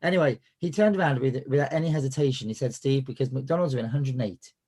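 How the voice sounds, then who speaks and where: A man with a cold and a cough hosts a live business coaching webinar, talking in a chatty style full of fillers and restarts. His voice is medium-pitched, fast, husky, and dark in tone.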